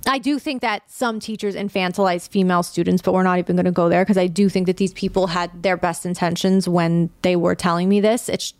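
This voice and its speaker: A young adult woman hosting her own podcast, talking candidly and casually, with a light vocal fry and the odd curse word. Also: fairly low pitch, fairly even intonation, brisk, few pauses, a little mellow, no room sound, clean studio sound. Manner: candid, conversational, swears casually. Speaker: podcast host. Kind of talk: personal podcast monologue.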